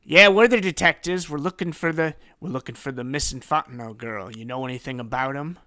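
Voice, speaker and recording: A man voicing a gruff, threatening male detective who barks his lines loudly and bullies others. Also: mid-range voice, steady tone, quick pace, no room sound, studio quality, close to an everyday voice. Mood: brusque. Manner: loud, barking, bullying.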